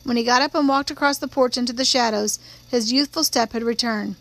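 A woman narrating a novel in a measured, steady storytelling voice. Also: on the high side, gravelly. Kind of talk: audiobook reading of a novel.

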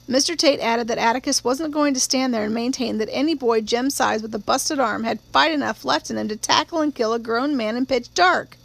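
A woman's voice: fairly high pitch, fairly quick, vocal fry, hardly any pauses. Woman reading a novel aloud. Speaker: narrator.

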